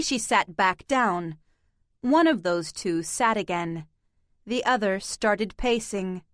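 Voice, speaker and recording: A woman narrating an audiobook in a measured, deliberate scripted delivery. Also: medium pitch, no room sound, clean studio sound.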